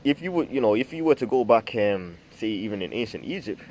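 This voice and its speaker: Guy giving a rambly bible teaching, lowish voice, lots of you know and restarts. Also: lively intonation, brisk, a little mellow, slight background noise. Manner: rambling, many fillers and restarts, says "man". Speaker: preacher. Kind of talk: informal scripture teaching.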